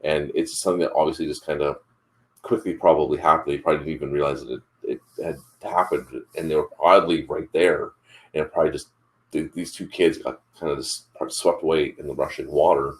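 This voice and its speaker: Speaking briskly in a very deep, steady voice, a man who is a father hosts a live morning chat show and shares a family story. The telling is casual and rambling, full of fillers and restarts.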